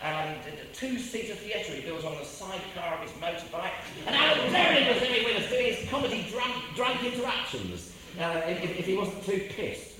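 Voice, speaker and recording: This high-pitched English man talks a little fast and barely pauses as he spins a rambling, lively anecdote full of self-repeats and impressions. The sound is distant and very echoey, with ambient noise around him.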